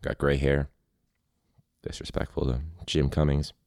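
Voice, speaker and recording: A man's voice: rumbling low, monotone, unhurried, darkish tone, no room sound, studio quality. A man, a teacher hosting a podcast, rambling casually and laughing at his own ideas. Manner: rambling, laughing, self-interrupting. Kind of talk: casual solo podcast chat.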